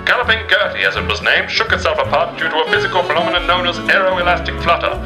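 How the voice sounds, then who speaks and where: A man's voice: high-pitched, animated, fast, pitched above the performer's own voice, low-quality recording. A man putting on the voice of an old-timey male radio news announcer, declaiming dates and events with heightened delivery over background music. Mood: grand, announcing.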